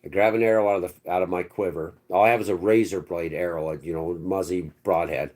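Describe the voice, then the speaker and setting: A man's voice: deep voice, fairly even intonation, quick pace, darkish tone. Rambling, slangy man telling a story. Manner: rambling, slangy, with frequent restarts and swearing. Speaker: channel host. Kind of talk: casual first-person storytelling.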